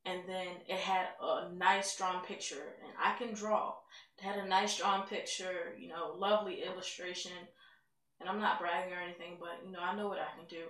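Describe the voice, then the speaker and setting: A woman's voice: lowish voice, steady tone, normal speed, fairly bright tone. A woman giving a candid, emotional personal testimony in a conversational way. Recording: roomy sound, mic at a distance.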